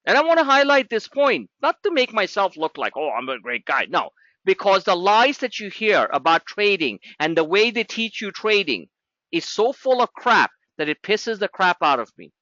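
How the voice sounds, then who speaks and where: A man's voice: high-pitched, sing-song, moderate pace, sharp tone, no room sound, dull audio. Blunt, sarcastic man teaching trading. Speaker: trading educator. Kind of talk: live trading class talk.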